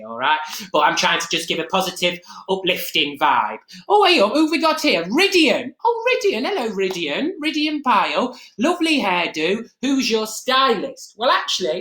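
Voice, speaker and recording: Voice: medium pitch, a bit bright. A performer playing Mrs Mabel Green, a chatty, gossipy middle-aged Nottingham woman with an East Midlands accent, rambling through a comic live-stream monologue. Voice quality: rambling, gossipy, with many fillers and asides. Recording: echoey room.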